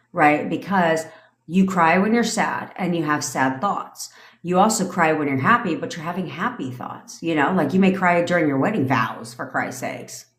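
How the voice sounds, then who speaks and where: On a casual livestream, a middle-aged woman who works as a manifestation coach delivers a rant in her low voice. Blunt and profane, she curses throughout, and the room she's in gives her words a ringing echo.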